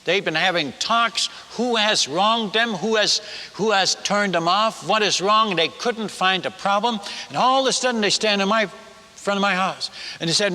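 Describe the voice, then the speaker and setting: A missionary preacher tells a story during a sermon, acting out both the dialogue and the sound effects. His high voice has a sharp tone and moves at normal speed. A large hall's long reverb surrounds the recording.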